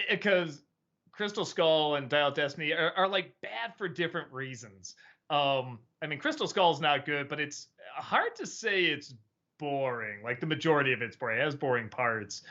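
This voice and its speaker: Hesitant, lively-voiced man musing on a stream. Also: fairly high pitch, dull audio. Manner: musing, hesitant, many ums and restarts. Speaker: host. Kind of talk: casual live-stream Q&A.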